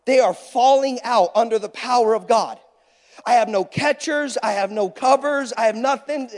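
A man's voice: very high-pitched, moderate pace, a little mellow. A male preacher telling stories in a conversational, anecdotal sermon. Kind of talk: sermon storytelling. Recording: long reverb of a large hall.

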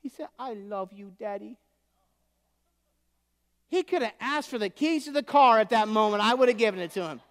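High-voiced preaching man in a reverberant hall. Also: fast, hardly any pauses. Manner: animated preaching, swings from loud pleading to soft. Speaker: pastor. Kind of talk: sermon.

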